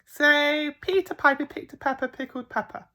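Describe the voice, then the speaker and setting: A woman voicing a cheerful cockney male burglar in a read-aloud storybook, with a bright, bouncy delivery and slang. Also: sits high, moderate pace, pitched above the performer's own voice. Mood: chirpy.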